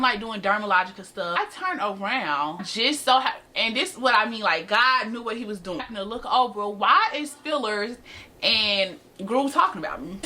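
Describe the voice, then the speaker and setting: An eighteen-year-old woman tells a dramatic, sassy storytime directly to her viewers, chatting casually to camera. Her mid-range voice sounds pushed and bright, picked up by the camera's built-in mic with slight background noise.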